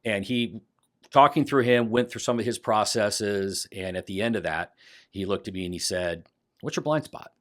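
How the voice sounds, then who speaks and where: Man in his fifties, fire chief guest, lowish voice, animated storyteller, casual podcast chat. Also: moderate pace. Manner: lively, animated storyteller who acts out quotes.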